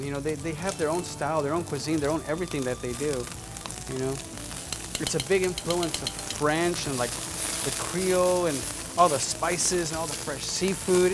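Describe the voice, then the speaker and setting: A man hosting a cooking show, chatting upbeat to the viewer as he cooks. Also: a little high. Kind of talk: casual cooking demonstration. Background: sizzling pan and background music.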